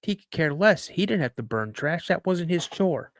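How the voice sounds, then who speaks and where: A middle-aged man telling a childhood story as a podcast guest, acting out the shouting between himself and his father. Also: fairly high pitch, lively intonation, normal speed, no room sound, clean studio sound. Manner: acts out dialogue with raised voice. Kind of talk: animated storytelling.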